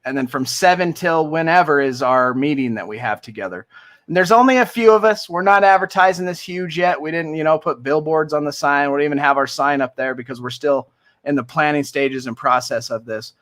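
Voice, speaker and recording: A man's voice: fairly high pitch, a little fast, a bit bright. A man hosting a casual livestream for a recovery community, talking earnestly and enthusiastically with jokes mixed in.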